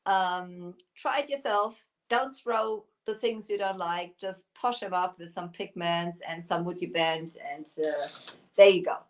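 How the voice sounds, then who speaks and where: A woman with a German accent, German her first language, chats through a live craft stream at an unhurried pace. She giggles often and picks up viewer comments as they come in. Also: on the low side. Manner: giggly, laughs often while talking; chatty, reads out viewer comments. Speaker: craft shop owner hosting a live stream. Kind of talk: casual live-stream chat.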